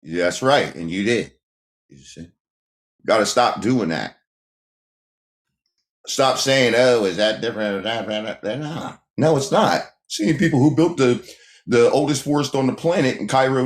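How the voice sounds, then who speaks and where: A man hosting a casual livestream monologue, talking emphatically, repeating phrases and firing rhetorical questions at the chat. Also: mid-range voice. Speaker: livestream host. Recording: echoey room sound.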